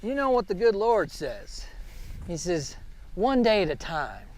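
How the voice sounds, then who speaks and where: A man's voice: high voice, huge pitch swings, unhurried, a little mellow. A man acting as a mountain guide, giving encouraging instructions outdoors in an upbeat, folksy way.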